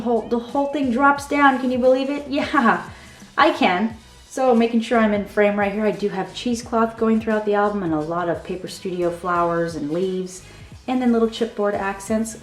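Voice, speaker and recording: A woman hosting a craft tutorial, walking through her handmade album with excited, gushing talk and a frequent "okay?". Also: mid-range voice. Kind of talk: enthusiastic product walkthrough. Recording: echoey room with soft background music.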